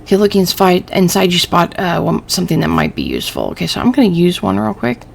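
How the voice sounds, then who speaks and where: A woman's voice: on the low side, big pitch swings, quick pace, creaky, slight background noise. A woman hosting a let's play, thinking aloud and reading game text aloud, easily irritated by the game. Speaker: gaming channel host.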